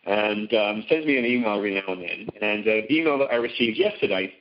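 A man in middle age talks through a phone seminar in a relaxed, conversational way. His voice sits fairly low and he stumbles often, filling gaps with ums and restarting phrases. The call audio is dull and lo-fi. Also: slight background noise. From Britain. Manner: halting, many ums and restarts. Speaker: teleseminar guest.

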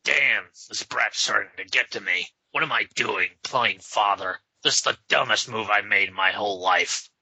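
A man doing a scornful gruff vigilante. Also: fairly low pitch, normal speed, hardly any pauses, sharp tone, dry recording, heavily acted. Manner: curt and scornful. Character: gruff, contemptuous grown male vigilante. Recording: slightly dull lo-fi sound.

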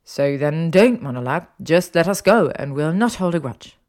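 A cocky, sardonic young wizard with a low, dry and clipped delivery, voiced by a woman reader. He sounds sarcastic and quick to anger, in a storybook read aloud. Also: expressive, a little mellow. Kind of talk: audiobook character voice.

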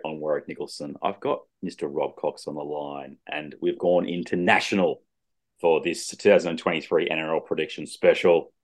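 Brief: low-voiced Aussie host, joking banter, middle-aged. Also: male voice, steady tone, moderate pace, a little mellow. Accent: Australian. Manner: laughs often, teasing banter. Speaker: podcast host. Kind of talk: casual sports chat.

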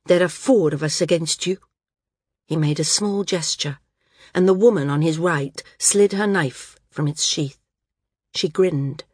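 A woman narrating an audiobook in a measured storytelling manner. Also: sits low, husky, no echo, studio quality. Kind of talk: scripted narration.

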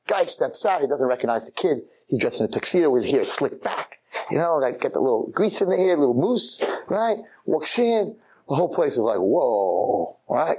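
A man, a rabbi, telling a story in a lecture with animated, theatrical delivery. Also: fairly high pitch, breathy edge.

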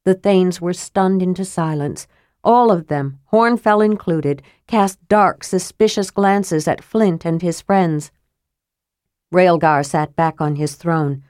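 Low-voiced woman reading a fantasy audiobook. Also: takes it slowly, darkish tone, dry recording, studio quality. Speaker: audiobook narrator.

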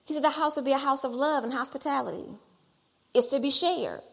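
A middle-aged woman preaching a sermon and telling her own testimony. She repeats phrases as she builds toward loud exhortation. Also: high-pitched, fairly quick, creaky. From Detroit area. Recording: long hall reverb.

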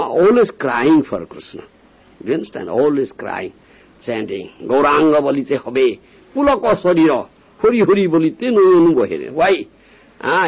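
Man, husky lively voice, devotional lecture, dull lo-fi recording. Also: high-pitched. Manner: emphatic, repeatedly checks the listener understands. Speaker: spiritual teacher.

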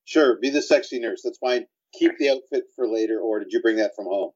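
A man's voice: on the low side, fairly quick, a little mellow, breathy edge. Wry man with a dull, lo-fi voice. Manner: wry, laughs often, breaks into jokey asides. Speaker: podcast co-host. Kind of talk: casual chat.

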